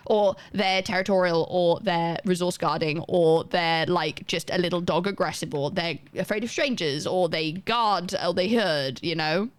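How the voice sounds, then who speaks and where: A young woman chatting casually on a live gaming stream, rambling and self-deprecating with quick asides. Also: fairly low pitch, dry recording. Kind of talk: casual chat while gaming.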